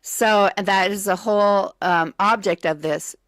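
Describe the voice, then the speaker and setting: A woman's voice: mid-range voice, a little slow, fairly bright tone, no room sound. A woman co-hosting a morning radio show, reading trivia questions hesitantly with many fillers in a radio studio.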